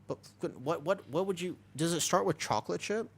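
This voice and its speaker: A Twitch streamer in his twenties, with a voice on the high side, chats casually and a little fast. He rambles restlessly, restarting often and dropping the odd swear word.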